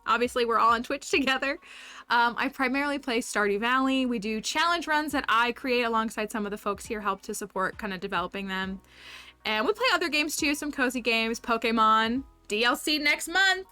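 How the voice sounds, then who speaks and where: A woman's voice: a little high, a little fast, pushed and bright, clean tone, faint music behind. A woman livestreaming a game, chatting upbeat with her viewers and laughing often. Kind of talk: casual livestream chat with viewers.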